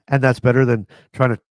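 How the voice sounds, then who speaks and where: A man's voice: medium pitch, little pitch movement, moderate pace, no echo. Chatty laughing man, dry close sound. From Canada. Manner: chatty, self-mocking, laughs often, repeats and restarts. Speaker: vlogger. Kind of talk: casual storytelling to camera.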